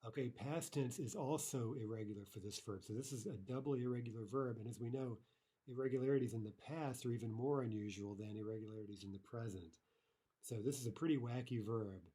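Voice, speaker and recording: A man walks through a grammar lesson at an unhurried teacher's pace, stopping often to check in with "right?" His voice is warm and dark, with a slight husky edge. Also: medium pitch. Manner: explains patiently, filler-heavy, reads example sentences aloud. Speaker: language teacher. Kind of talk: recorded online lesson.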